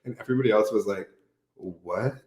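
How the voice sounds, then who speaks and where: A young man co-hosts a casual reality-TV podcast, playful and sarcastic, breaking into laughing asides. His mid-pitched voice carries a roomy echo. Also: expressive, normal speed. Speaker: podcast co-host. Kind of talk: casual chat recapping reality TV.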